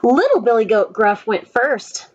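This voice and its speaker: A woman reading a children's story aloud, slow and gentle, asking the children questions as she goes. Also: fairly high pitch, very animated, lo-fi sound. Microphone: own camera.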